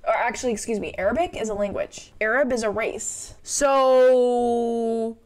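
A young woman with a high, bright voice rants through a political reaction stream. She talks bluntly and with open exasperation, swearing freely as she picks apart what she has just watched. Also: steady tone, unhurried. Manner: blunt, exasperated, profane ranting. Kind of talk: heated reaction commentary.

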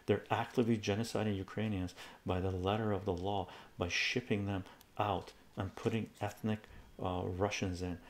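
A man's voice: fairly low pitch, creaky. A man giving a blunt, profane, heated rant in a casual live stream, talking to his chat.

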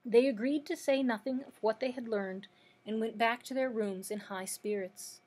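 A woman librarian reading a children's classic aloud in a calm, measured way. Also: fairly high pitch, husky. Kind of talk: read-aloud narration.

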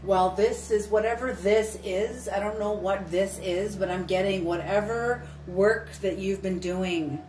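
A woman's voice: mid-range voice, slight background noise. Woman doing a tarot reading in a roomy space. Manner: earnest, repetitive, emphatic, occasional swearing. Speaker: tarot reader. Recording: roomy, distant mic with soft music.

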